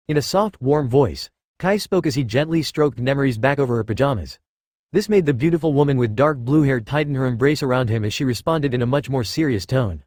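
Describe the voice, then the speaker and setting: A man giving a steady, scripted audiobook narration of a web novel. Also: medium pitch, fairly quick, no echo, studio quality.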